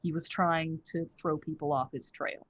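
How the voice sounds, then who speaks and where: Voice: medium pitch, fairly even intonation, normal speed, a bit bright, natural voice. A game master voicing a bearded male mountain guide who speaks in a grim, blunt, plainspoken way.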